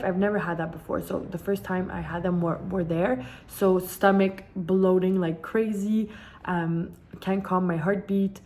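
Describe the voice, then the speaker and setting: A woman's voice: fairly low pitch, darkish tone. A young woman, vlogging candidly and repeating words for emphasis as she tells a personal story.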